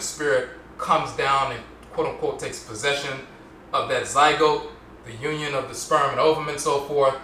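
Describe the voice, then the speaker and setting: A man with a bright, forceful voice delivers a solo podcast lecture, explaining step by step and slowly repeating words to demonstrate their pronunciation. He sits some way from the mic, so his voice carries a roomy echo. A faint room ambience hums underneath. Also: medium pitch, distant mic, slight background noise. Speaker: podcast host.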